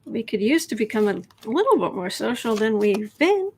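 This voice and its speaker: Chatty woman reading tarot, rather high voice. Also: very animated, moderate pace, darkish tone, husky. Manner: chatty, rambling, drops to whispered asides. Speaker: tarot reader. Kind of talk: casual livestream tarot reading.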